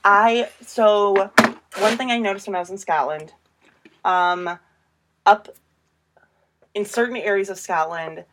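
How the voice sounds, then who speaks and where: A woman co-hosting a podcast in easy, casual chat. She sounds chatty and enthusiastic, laughs readily and speaks at a mid pitch. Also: unhurried, pauses often, a bit bright, slight background noise. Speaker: podcast co-host.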